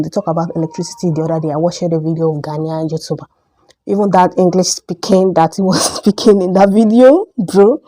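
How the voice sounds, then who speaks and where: A young Nigerian woman with a Nigerian accent, giving an emphatic opinion vlog that repeats its points and jumps up in pitch when heated. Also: dark tone. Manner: emphatic, repetitive, rises sharply when heated. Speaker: vlogger.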